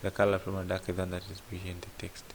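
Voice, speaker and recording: A man's voice: low-pitched, completely flat delivery, rapid-fire, a little hiss or hum. A man tutoring app programming in a casual lesson, thinking aloud and asking "what?" before he answers himself. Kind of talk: casual screen-share coding lesson.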